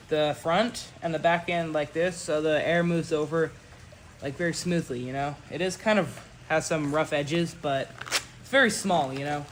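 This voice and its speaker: A man's voice: fairly high pitch, a bit bright, a little hiss or hum, low-quality recording. A young man narrating a livestream as he builds a rocket at home, talking casually with many fillers and restarts. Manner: rambling, full of "you know" fillers and restarts.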